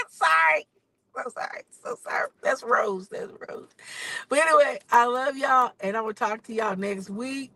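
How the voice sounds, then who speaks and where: A rideshare driver and podcaster films a casual live vlog inside her car on city streets, venting as she shifts between quiet mutters and loud outbursts. The audio quality is poor, though there's no echo.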